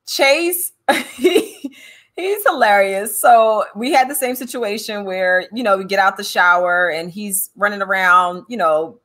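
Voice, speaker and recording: A woman hosting a podcast, telling funny parenting stories in a casual, animated way and acting out quotes. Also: on the high side. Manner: animated, laughing, acts out quotes. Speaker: podcast host and author. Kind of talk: casual chat, storytelling.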